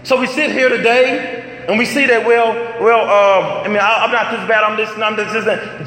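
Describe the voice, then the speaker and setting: Male preacher, high bright voice, animated call-and-response delivery, long hall reverb, faint room noise. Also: moderate pace. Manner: lively, call-and-response preaching with rising shouts. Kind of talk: sermon.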